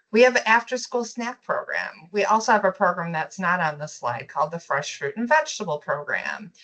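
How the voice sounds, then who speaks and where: Woman, low voice, friendly webinar presenter, explanatory, occasional fillers. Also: fairly bright tone, low-quality recording. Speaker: school nutrition program presenter.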